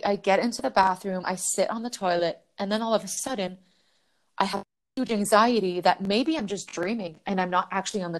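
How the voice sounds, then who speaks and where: A woman talks casually as a podcast guest, telling a personal story with lots of energy. She laughs easily and swears without fuss. She keeps slipping into voicing her own thoughts in quotes. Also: mid-range voice.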